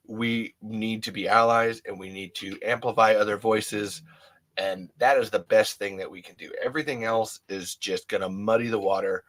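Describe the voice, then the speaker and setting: A podcast host talks on his own in a loose, candid monologue, frequently starting his sentences over. His voice sits on the low side with a fairly even intonation, a moderate pace and a slightly bright quality.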